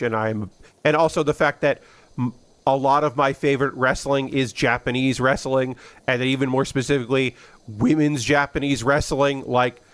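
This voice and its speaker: A man streaming a game, chatting casually and rambling with many fillers and restarts. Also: medium pitch. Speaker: gaming streamer. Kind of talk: casual gameplay commentary.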